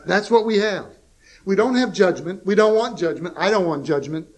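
Preacher, loud then soft. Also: male voice, animated, normal speed, rough recording. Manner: swings between soft, low asides and loud, emphatic exclamations, with folksy humor; chuckles at his own jokes. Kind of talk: sermon.

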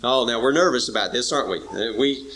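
A man's voice: mid-range voice, fairly quick, fairly bright tone, low-quality recording. A man preaching an evening sermon, emphatic and repetitive, often checking in with his listeners. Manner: emphatic, repeats words, checks in with "all right?" and "okay?".

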